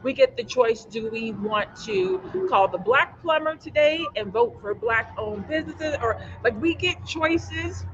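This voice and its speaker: A man's voice: very high-pitched, highs cut off, noisy background. A man hosting a livestream panel discussion, earnest and stumbling over his words, with a slight lisp from teeth aligners.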